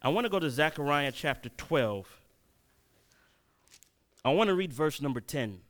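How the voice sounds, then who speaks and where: A man preaching a sermon, telling a personal story and swinging between loud and hushed delivery. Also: fairly high pitch.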